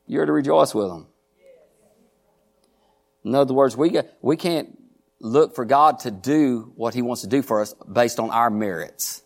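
A pastor preaching a sermon, drawing the congregation in with repeated asides and questions. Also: male voice, mid-range voice, a little slow, vocal fry, long pauses. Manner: preaching with call-and-response asides, repeated "huh?" and "listen".

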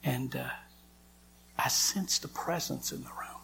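Preacher, dramatic hushed-to-loud testimony. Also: male voice, medium pitch, a little slow, vocal fry, slight background noise. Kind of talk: emotional sermon testimony.

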